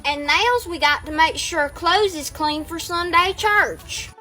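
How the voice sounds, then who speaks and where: A backwoods hillbilly woman, played by a woman, leads a comedy skit in a broad Southern drawl, hamming up every folksy line. Her voice sits high and bright. Faint music plays underneath. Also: a little slow, exaggerated voice. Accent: exaggerated Southern US drawl. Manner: folksy, hammy storyteller.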